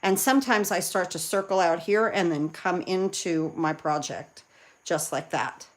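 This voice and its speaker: A woman's voice: lowish voice, unhurried, slight background noise. Chatty woman doing a live card demo. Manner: chatty, excitable, talks to viewers while working. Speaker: card-making demonstrator and team leader. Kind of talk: live crafting demo chat.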